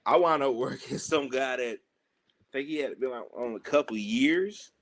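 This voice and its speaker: A man with a Southern US accent, a wrestler guest telling a road-trip story in an animated way and acting out other people's lines. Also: medium pitch, moderate pace. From Southern United States. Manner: lively, acts out other people's lines, heavy slang.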